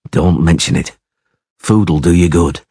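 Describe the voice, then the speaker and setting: Man playing a gruff, stern monster hunter. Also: deep voice, measured pace, mellow, no echo. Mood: dry. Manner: stern, dry, curt.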